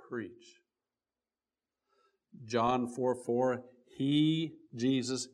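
A man preaching a sermon, reading old-style scripture aloud and stopping often to restart, his voice swelling on key words and then dropping low and quiet. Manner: reads scripture aloud in King James wording with frequent restarts.

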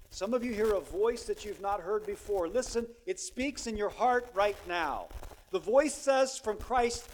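High-voiced man preaching with dramatic swings. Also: expressive, normal speed. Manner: swings from hushed storytelling to loud emphatic preaching. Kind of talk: sermon.

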